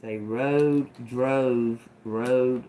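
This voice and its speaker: A man doing a tarot reading, slowly sounding out words and phrases and repeating them as he tries to make sense of the messages. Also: medium pitch, fairly even intonation, dark tone, a little hiss or hum. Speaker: tarot reader. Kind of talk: slow channeled reading.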